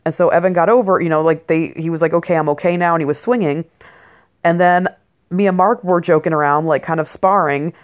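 A woman in her forties with a notably low voice tells stories about raising her boys. She rambles casually, swears freely and fills her talk with "like" and "you know," sounding blunt and unfiltered. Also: fairly quick. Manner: rambling, blunt and profane with lots of fillers. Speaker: mother of boys. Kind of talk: casual personal monologue.

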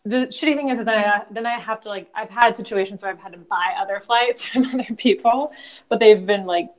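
A young woman co-hosting a podcast from a remote call, animated and rambling, often laughing. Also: medium pitch, brisk. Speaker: podcast co-host. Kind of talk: casual chat.

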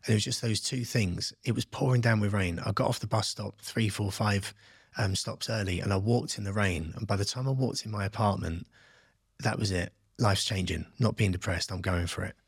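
A man's voice: lowish voice, normal speed, breathy edge, dry recording, clean studio sound. A man in his thirties from England, telling his life story in a casual interview and acting out other people's lines. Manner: animated, acts out quoted voices. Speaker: podcast guest, entrepreneur.

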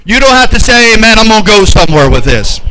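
A middle-aged male pastor preaching a sermon, building to emphatic shouts and drawn-out phrases. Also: high-pitched, big pitch swings, background noise.

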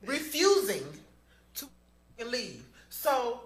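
A woman's voice: on the high side, wildly swooping pitch, slow pace, crowd noise. A woman telling her own story in a clip, ranting with indignation and cursing. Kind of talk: story told in a viral video clip. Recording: echoey room.

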